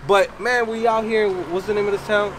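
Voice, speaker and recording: A man's voice: high-pitched, steady tone, moderate pace. A man from the Dominican Republic, hosting a casual vlog outdoors and talking in a slangy, hyped way. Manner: slangy and hyped, lots of "man" and "you already know". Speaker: vlog host. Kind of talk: casual street vlog chat. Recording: outdoor street noise behind the voice.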